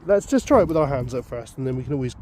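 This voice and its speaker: Chatty man, lively pitch. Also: rapid-fire, slight background noise. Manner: chatty, upbeat, talks to viewers while working. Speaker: metal detecting vlogger. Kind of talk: casual outdoor vlog commentary. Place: outdoors in a field.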